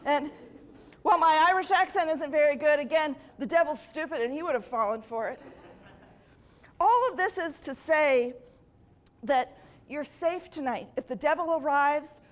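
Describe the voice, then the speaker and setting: A woman's voice: high-pitched, moderate pace. A woman hosting a comedy show, telling a playful story to a live audience and giggling along.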